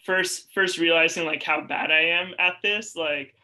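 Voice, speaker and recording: A man's voice: a little high, fairly even intonation, measured pace, pushed and bright, rough recording. A man in a casual chat who rambles in a self-deprecating way, with many fillers like "um" and "like.". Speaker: youth ministry podcast co-host.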